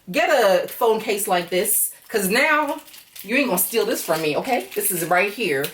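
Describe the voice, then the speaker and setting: A woman's voice: mid-range voice, recorded from a distance. Chatty woman recapping, heard from afar. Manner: chatty, profane, animated, laughs often. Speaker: YouTube reality-show reviewer. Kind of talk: casual reaction commentary.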